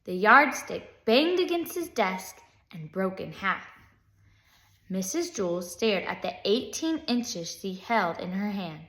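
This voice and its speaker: Woman, reading children's book aloud, slow pace, lively pitch, expressive, echoey room. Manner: expressive, unhurried storytelling. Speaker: audiobook reader.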